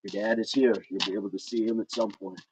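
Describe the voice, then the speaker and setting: A man's voice: fairly low pitch, steady tone, fast talker. A man hosting a fitness livestream, chatting casually and encouragingly with viewers while he walks and moves. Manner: upbeat, encouraging, greets viewers by name; walking in place while talking. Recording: noisy livestream audio.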